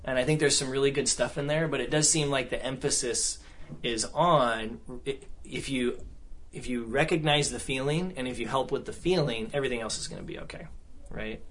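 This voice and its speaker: A man's voice: medium pitch, fairly quick, fairly bright tone. A man speaking at a counseling seminar, talking conversationally and often checking in with the room. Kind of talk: seminar talk with audience discussion.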